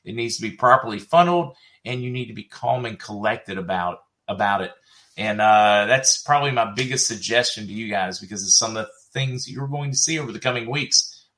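A man's voice: on the low side, fairly quick, fairly bright tone. A middle-aged man with a Southern US accent, chatting casually as host of a livestream, reading viewer comments and laughing often.

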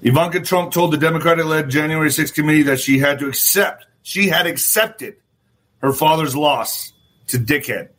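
A middle-aged man hosting a livestream, ranting about politics in a profane, animated way, talking straight to his viewers and acting out little scenes in voices. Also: a little high, normal speed. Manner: talks to viewers directly, asks for thumbs up. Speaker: political commentary host.

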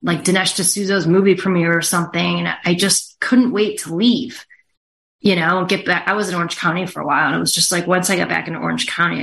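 Female guest, slightly low voice, halting delivery with frequent fillers. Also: steady tone, gravelly, fairly bright tone. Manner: hesitant, full of fillers. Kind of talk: talk show conversation.

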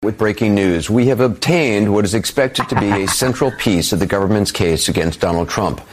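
A man anchoring a TV news broadcast with a fairly low voice. His delivery is measured and formal.

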